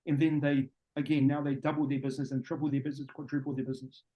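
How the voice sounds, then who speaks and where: A middle-aged man from New Zealand with a New Zealand accent, a podcast guest and business coach talking in a blunt, profane, animated way. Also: medium pitch, racing, highs cut off. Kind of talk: podcast interview.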